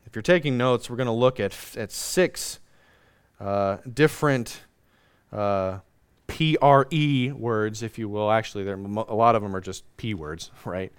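A man's voice: on the low side, clear, resonant tone, no room sound. A man preaching a sermon, reading scripture aloud and leading an earnest prayer. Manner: earnest preaching, slows and drops soft in prayer; reads scripture aloud in old-fashioned wording. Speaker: pastor.

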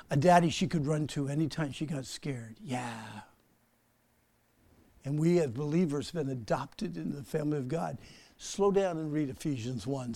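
A man preaching a sermon, swinging between loud emphatic bursts and soft, slow asides, and putting questions to his listeners. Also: a little high, creaky, dry recording. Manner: asks the audience questions. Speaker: pastor.

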